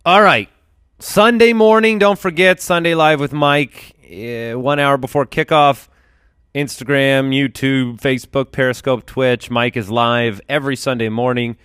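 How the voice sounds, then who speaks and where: Smooth-voiced upbeat male podcast host. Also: mid-range voice, fairly even intonation, fairly bright tone, no echo, studio quality. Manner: upbeat, quick, lists items in bursts. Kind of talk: casual podcast chat and sponsor reads.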